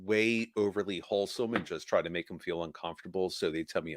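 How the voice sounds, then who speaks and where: A man's voice: sits low, quick pace, few pauses, no room sound. A man chatting casually on a podcast, sarcastic and profane, with plenty of swearing and mock voices. He sounds close and dry, with almost no room around him. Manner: profane, sarcastic, animated storytelling. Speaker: podcast co-host. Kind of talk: casual chat.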